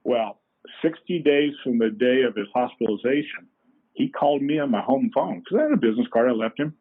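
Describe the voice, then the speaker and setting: A middle-aged man, a company co-founder, telling folksy, animated stories as a podcast guest over a tinny phone-like line. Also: medium pitch, a little fast, slightly rough. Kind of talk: anecdotal storytelling in a podcast interview.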